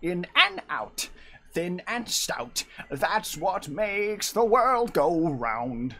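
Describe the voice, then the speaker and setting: A man's voice: high-pitched, huge pitch swings, takes it slowly, a bit bright, pitched above the performer's own voice, full character voice. A man imitating Merlin, an old wizard. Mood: sing-song. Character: old male wizard, doddering and theatrical.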